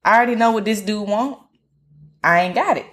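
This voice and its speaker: A woman's voice: mid-range voice, a little fast, fairly bright tone. A woman hosting a podcast, chatting casually and telling stories with candid, profane humor. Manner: candid, profane, storytelling with laughter. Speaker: podcast host. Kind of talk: casual chat.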